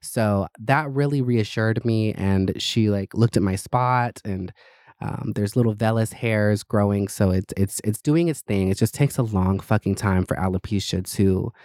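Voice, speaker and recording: A man's voice: on the low side, unhurried, a little mellow, no room sound, clean studio sound. A man hosting his own podcast, chatting casually in a gossipy, sassy and profane way. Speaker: podcast host. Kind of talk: casual solo podcast chat.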